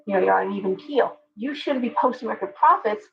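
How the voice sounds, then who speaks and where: A woman's voice: mid-range voice, quick pace, creaky, highs cut off, background noise. A woman hosting a live stream, answering chat viewers by name in an opinionated, ranting way. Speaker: livestream host.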